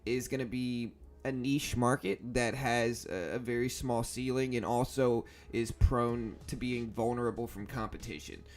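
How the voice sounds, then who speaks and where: A young man from South Louisiana with a Southern accent, hosting a stock trading livestream in a relaxed, rambling way with many fillers. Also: mid-range voice. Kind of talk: casual livestream chat.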